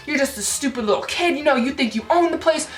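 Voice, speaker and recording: A woman quoting a furious, bullying man in his sixties who yells and taunts a teenager on a bus. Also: sits high, expressive, fast, voice pushed up. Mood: taunting. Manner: yelling, threatening, taunting. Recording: roomy echo with faint music.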